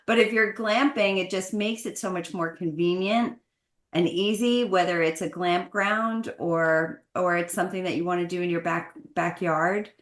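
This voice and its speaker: A woman's voice: lowish voice, fairly even intonation, moderate pace. An American woman, a guest talking casually and at length, full of fillers and laughs. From United States. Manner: talkative, many fillers, laughs often. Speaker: guest, glamping business owner. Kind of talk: casual interview. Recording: roomy echo.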